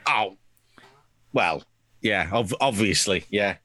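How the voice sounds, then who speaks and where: A man's voice: on the low side, lively intonation, takes it slowly, sharp tone, no echo. A man co-hosting a podcast, chatting casually in a wry, rambling, mock-exasperated way. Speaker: podcast co-host. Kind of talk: casual chat.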